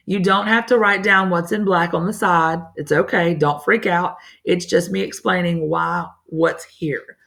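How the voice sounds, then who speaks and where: A woman teaches a recorded reading lesson, stopping often to talk straight to her students. Her voice is on the low side with a gravelly fry, and her manner is chatty and encouraging.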